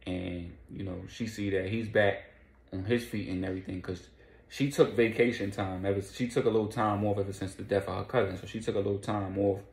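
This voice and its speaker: Gravelly low-voiced man casually recapping a story. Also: steady tone, darkish tone, echoey room. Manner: loose street slang, voices quoted lines in quick bursts.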